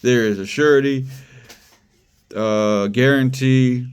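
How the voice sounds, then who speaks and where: A man's voice: mid-range voice, slow, clear, resonant tone. A man giving a casual, conversational sermon, repeating phrases for emphasis and laughing now and then. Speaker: preacher.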